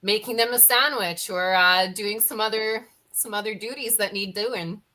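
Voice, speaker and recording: A woman guest on a casual podcast chat, speaking frankly and relaxed. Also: mid-range voice, normal speed, low-quality recording.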